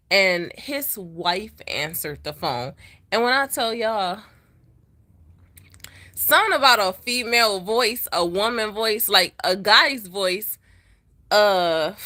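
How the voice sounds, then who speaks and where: Trucker lady vlogging, bright voice, dramatic storyteller, keeps talking right to the camera. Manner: animated, dramatic, talks straight to viewers with bursts of high quoted voices. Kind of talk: casual storytelling to viewers.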